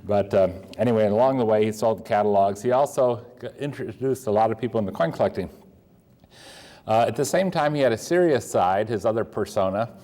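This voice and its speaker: A man's voice: on the low side, a little fast, mellow. An older man from Pennsylvania, a coin dealer telling rambling stories with many fillers and restarts. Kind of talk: storytelling talk.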